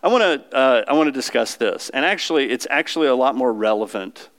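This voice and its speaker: A man preaching to a congregation in an easy, conversational way. His voice sits at an ordinary middle pitch, and he keeps checking in with his listeners through quick questions. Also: expressive, a bit bright. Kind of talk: sermon.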